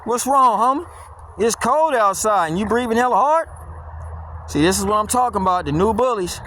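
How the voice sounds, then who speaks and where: Mocking high-voiced man ranting outdoors. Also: lively intonation, normal speed, a bit bright, slight background noise. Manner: blunt, mocking, slangy rant. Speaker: dog vlogger. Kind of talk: casual walking vlog monologue. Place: outdoors on a windy wooded walk.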